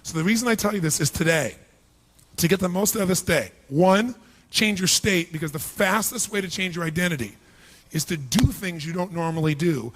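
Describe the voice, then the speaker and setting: A motivational speaker addresses a large live seminar audience, peppering them with rhetorical questions and acting out their inner voices. His voice sits high, a little fast and fairly bright.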